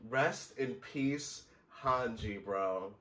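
A man's voice: medium pitch, drawn-out words, noisy background. A man reacting to a manga chapter in casual commentary, exclaiming and swearing and calling the listener bro. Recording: echoey room.

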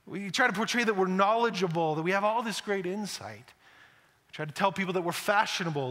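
This pastor's voice sits high and sounds bright, forceful and expressive as he moves briskly through a conversational sermon. Speaking in a reverberant church sanctuary, he dramatizes quotes and repeats words frequently.

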